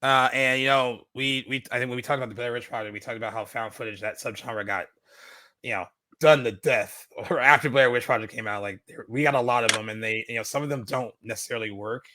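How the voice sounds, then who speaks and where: Chatty man reviewing a film, quick and bright. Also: medium pitch, no room sound. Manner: rambling, many fillers and restarts. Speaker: podcast co-host. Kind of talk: casual film review chat.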